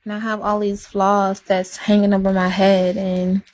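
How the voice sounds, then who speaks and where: Brief: woman, mid-pitched, chatty and emphatic, casual live-stream talk. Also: flat delivery, moderate pace, darkish tone. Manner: chatty, emphatic, repeats herself for effect. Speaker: livestreamer.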